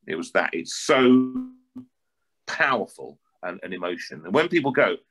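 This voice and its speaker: A man with a North London accent, an opera singer telling stories in an interview with lively, animated delivery and frequent word repeats. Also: deep voice, normal speed. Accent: North London English. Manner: lively, repeats words while building a point.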